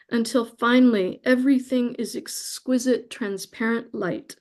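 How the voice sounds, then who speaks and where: A woman guest reading a spiritual account aloud in a slow, soft, reverent way, moved nearly to tears. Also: on the high side, steady tone. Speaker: guest speaker.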